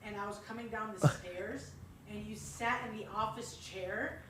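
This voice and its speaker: A woman's voice: mid-range voice, moderate pace, roomy sound, rough recording. A young woman telling a story in casual chat.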